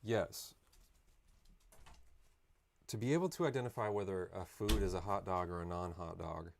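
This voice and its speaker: Man, lowish voice, joking and rambling as he paints live on stream. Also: moderate pace, gravelly, a little hiss or hum. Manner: rambling, joking, self-interrupting. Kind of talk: casual live-stream chat while painting.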